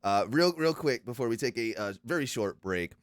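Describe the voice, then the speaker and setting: A man's voice: medium pitch, lively intonation, no room sound, studio quality. A man in his thirties hosting a podcast in casual chat, talking loosely with many restarts and filler sounds. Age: 30s. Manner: loose, halting, lots of uh and restarts. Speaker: podcast host.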